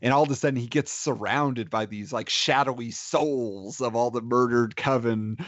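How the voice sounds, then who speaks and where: A man rambles through a film plot in a relaxed podcast chat, leaning on "like" and "you know" as he goes. His voice sits in a mid range. The recording is dry and somewhat dull, like a modest home setup. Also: medium pitch, normal speed, dry recording. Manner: rambling, filler-heavy storytelling. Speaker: podcast co-host. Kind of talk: casual movie chat.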